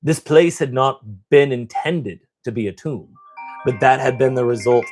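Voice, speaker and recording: A man's voice: medium pitch, moderate pace, darkish tone, faint music behind. A man hosting a gaming channel, casually reading a novel aloud, stumbling over words and breaking off with joking asides.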